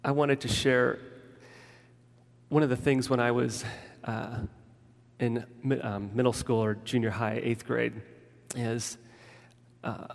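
Speaking slowly and flatly with long pauses, this man has a mid-range voice edged with vocal fry. He's a pastor preaching a casual sermon built on stories, frequently starting sentences over, and the big hall adds long reverb.

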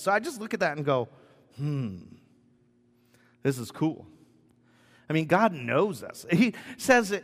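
A man's voice: sits high, fairly bright tone. A middle-aged man preaching a conversational sermon with humor and frequent restarts. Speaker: pastor. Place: church sanctuary. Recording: long reverb of a church hall.

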